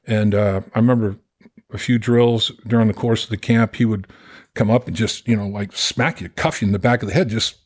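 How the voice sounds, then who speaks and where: A man in his sixties from the Boston area of Massachusetts, a former pro football player, guests on a podcast with a fairly low voice and a brisk pace. He tells lively stories in casual chat, laughing as he goes and acting out the voices of the people he quotes.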